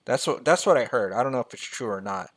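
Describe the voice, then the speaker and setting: A fast-talking, animated American man guides viewers through a spreadsheet in a screen-share tutorial on personal finance. In a mid-range voice, he jokes casually and reads each number aloud while typing it.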